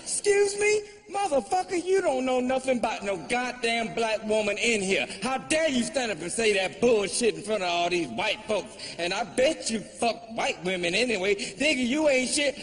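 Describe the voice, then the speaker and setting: A man's voice: sits high, animated, moderate pace, hardly any pauses, voice pushed up. A man voicing a furious woman in the audience who is indignant and cursing, performed live on stage. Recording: live hall reverb, faint ambience.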